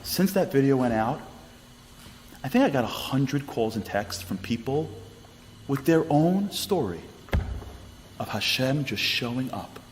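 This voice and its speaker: Male speaker, mid pitch, lively storyteller who checks in with the crowd; long hall reverb, faint noise. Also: unhurried, pauses often. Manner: lively, repetitive, asks the audience questions. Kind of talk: animated storytelling talk.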